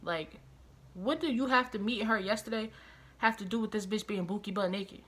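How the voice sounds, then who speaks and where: A woman vlogger telling a personal story, animated and profane, hammering her points home through repetition and outraged disbelief. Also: medium pitch, moderate pace. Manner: animated, profane, emphatic retelling with heavy repetition; outraged, incredulous. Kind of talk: storytime vlog.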